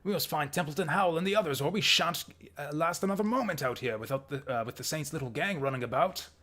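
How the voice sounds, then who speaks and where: Guy doing a clipped fussy british science man, kinda high and loud. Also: animated, quick pace. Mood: flustered. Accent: put-on British.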